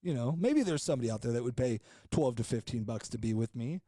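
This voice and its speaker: Podcast regular, male, mellow voice, frank and jokey, rambles with fillers; dry recording. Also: medium pitch, animated, fast, dry recording. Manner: rambling, loose, with many fillers and restarts. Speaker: podcast co-host. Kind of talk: casual storytelling chat.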